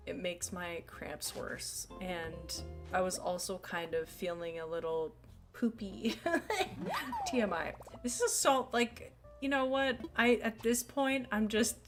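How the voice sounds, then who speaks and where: A woman's voice: medium pitch, big pitch swings, measured pace. A young woman chatting casually while live-streaming a game, sleepy and yawning, rambling and giggly as she talks to her chat. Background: faint background music.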